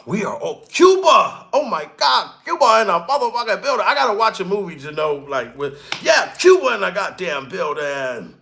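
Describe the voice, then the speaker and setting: A man hosting a livestream, ranting loudly and excitedly, swearing and shouting out to viewers in the chat. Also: sits high, brisk, vocal fry, few pauses. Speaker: livestream commentator. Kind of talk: profane livestream rant.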